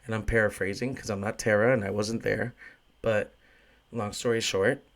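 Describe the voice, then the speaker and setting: Young male bar-worker host, lowish voice, chatty profane rant, casual monologue. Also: fairly even intonation, normal speed, creaky. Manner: profane, ranting, frequent fillers. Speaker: bartender and podcast host.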